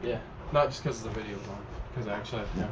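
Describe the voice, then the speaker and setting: A man in casual chat with a laid-back, quiet, deadpan manner. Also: on the low side, very fast. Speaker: visiting friend. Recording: distant voice with background noise.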